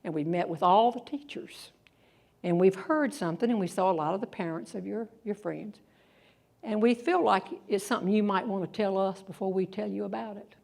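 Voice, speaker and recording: A woman voicing her husband, a calm former school principal who lectures her patiently and at an even pace. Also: sits high, fairly quick, gravelly. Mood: lecturing calmly.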